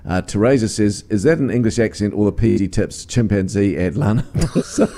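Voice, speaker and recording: A man's voice: lowish voice, normal speed, warm tone. A man with a New Zealand accent, hosting a breakfast radio show and reading out listener texts with teasing banter.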